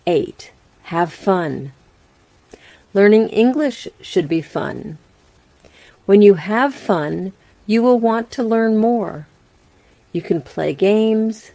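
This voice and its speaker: A woman reading a scripted English lesson as a teacher, in a slow, plain and carefully spaced way. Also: on the low side, creaky, dark tone, dry recording.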